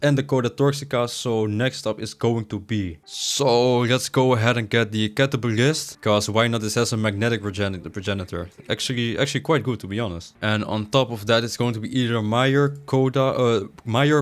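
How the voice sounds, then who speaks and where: A young man giving casual, slangy commentary over his gameplay, jumping from excited outbursts to low mumbles. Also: normal speed, few pauses. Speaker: gaming streamer.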